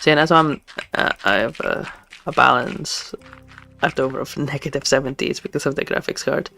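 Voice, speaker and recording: Game streamer, casual live chat, halting and stammering, gravelly fry. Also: medium pitch, pushed and bright, faint music behind. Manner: halting, stammering, full of restarts and fillers.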